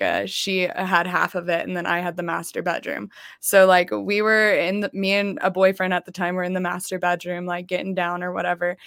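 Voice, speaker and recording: A woman's voice: lowish voice, vocal fry, no echo. A woman casually telling a profane story on a podcast, acting out the quotes. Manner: animated, acts out quotes, laughs often.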